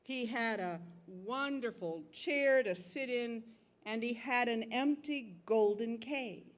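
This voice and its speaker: A middle-aged woman storyteller telling a folktale live in a museum theater, with dramatic, expressive delivery. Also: on the high side, slow pace. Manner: expressive, dramatic shifts between calm and loud.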